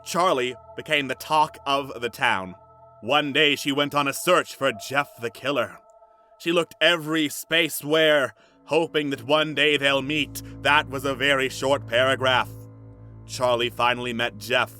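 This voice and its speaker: A man's voice: medium pitch, fairly even intonation, measured pace, sharp tone, faint music behind. A young man reading a story aloud for laughs, breaking off with dry, mocking asides. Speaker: comedic story reader. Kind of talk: sarcastic dramatic reading with commentary.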